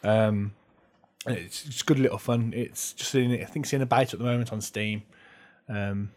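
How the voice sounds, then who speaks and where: Guy on a geek podcast, lowish voice, rambly, lots of ums. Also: steady tone, moderate pace, darkish tone. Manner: rambling, filler-heavy explanations. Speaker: podcast co-host. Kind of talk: casual chat.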